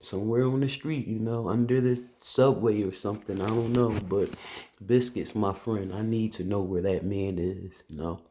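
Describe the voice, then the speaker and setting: A man's voice: lowish voice, moderate pace, warm tone, a little hiss or hum. A man who works as a police officer, telling a personal story to camera in an earnest, conversational way with loose phrasing and restarts.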